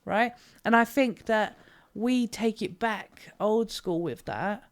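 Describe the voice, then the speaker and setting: A woman's voice: medium pitch, takes it slowly. A British woman co-hosting a podcast, telling rambling stories in casual chat, swearing freely and going off on tangents. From Britain. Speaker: podcast co-host.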